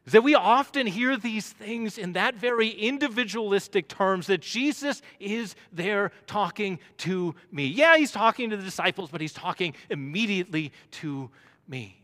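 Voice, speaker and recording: A man preaching a sermon as pastor, building to loud emphatic runs. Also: high-pitched, animated, moderate pace. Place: church sanctuary. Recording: long hall reverb.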